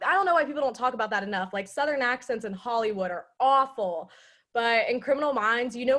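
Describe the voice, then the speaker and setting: A woman's voice: on the high side, a bit bright. Apologetic, gushing woman on a video call. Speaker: club executive board member. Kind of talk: casual video call chat.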